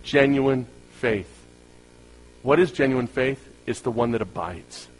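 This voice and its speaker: A man's voice: medium pitch, takes it slowly, poor audio. Conversational man preaching a sermon. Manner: conversational preaching with humorous asides and rhetorical questions. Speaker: pastor.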